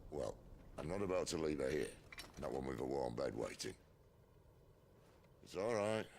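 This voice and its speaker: Game cutscene: a deep, gravelly seasoned rogue, dry and teasing, with a faint noise bed. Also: male voice, very animated, moderate pace, darkish tone, exaggerated voice. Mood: wry. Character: gruff, wry rugged man, a seasoned rogue. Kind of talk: video game cutscene dialogue.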